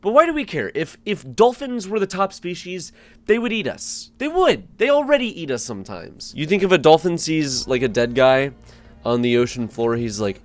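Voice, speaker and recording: A young man doing stand-up, deadpan with sudden loud outbursts and repeated word stumbles. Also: mid-range voice, moderate pace, soft background music. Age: young adult. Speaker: comedian and street interviewer. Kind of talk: stand-up comedy.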